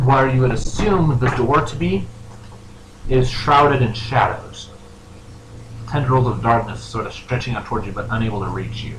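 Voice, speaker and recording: A man's voice: medium pitch, normal speed, fairly bright tone. A man running a tabletop role-play game as game master, narrating casually with rambling fillers, in an echoey room with faint noise.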